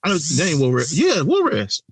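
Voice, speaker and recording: A man from Chicago on a podcast, telling lively, profane stories in casual chat. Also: a little high, fairly quick, breathy edge, dry recording. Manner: lively, profane storytelling with acted quotes. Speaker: podcast co-host.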